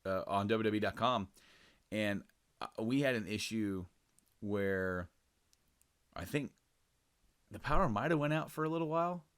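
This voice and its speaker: Homem de voz um pouco grave, conversa solta. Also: male voice, fairly low pitch, a little slow, long pauses, fairly bright tone, clear, resonant tone. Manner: rambling, loose, many fillers. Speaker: podcast co-host. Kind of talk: casual chat.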